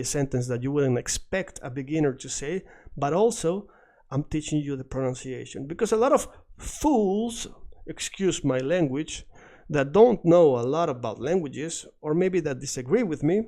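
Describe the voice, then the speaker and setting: A middle-aged man whose first language is Spanish, teaching an online lesson in a chatty, energetic way and repeating phrases for drilling. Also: on the high side.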